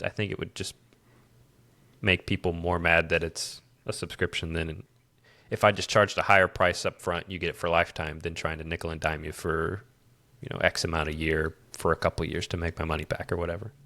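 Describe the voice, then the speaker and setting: Deep-voiced Midwestern man, dry sound. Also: fairly quick, dry recording. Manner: rambling, restarts often, relaxed explaining. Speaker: podcast co-host and developer. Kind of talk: casual tech chat.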